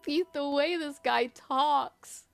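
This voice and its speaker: Slow, gravelly-voiced woman streamer. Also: high voice, faint music behind. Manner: giggly, self-deprecating asides. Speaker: game streamer. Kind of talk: casual gameplay commentary.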